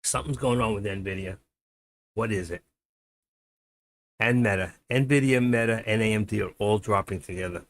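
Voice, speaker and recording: A man's voice: on the low side, moderate pace, pauses often. A middle-aged man hosting a live stream, chatting casually and rambling to himself as he trades. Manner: rambling, muttering to himself, chuckling storyteller. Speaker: livestream host and day trader. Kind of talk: casual live-stream chat while trading.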